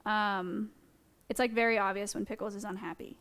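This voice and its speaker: A woman's voice: mid-range voice, steady tone, normal speed, fairly bright tone. A young woman streaming from an animal sanctuary, talking casually and gushing affectionately about a small bug. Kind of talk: casual live-stream chat. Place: indoor animal sanctuary room.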